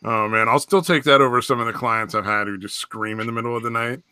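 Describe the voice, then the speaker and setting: A man's voice: medium pitch, fairly even intonation, fast talker, pushed and bright, clean tone, no echo, clean studio sound. A man co-hosting a podcast, cracking crude jokes and swearing a lot in casual banter. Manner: profane, joking, laughs often. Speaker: podcast co-host.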